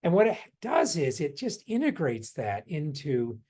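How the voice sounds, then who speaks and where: A man with a fairly high voice teaches a guided meditation practice. He rambles gently, chuckles often, and drops into soft, quiet repetitions of simple phrases. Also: huge pitch swings, unhurried. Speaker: workshop leader. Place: a room indoors.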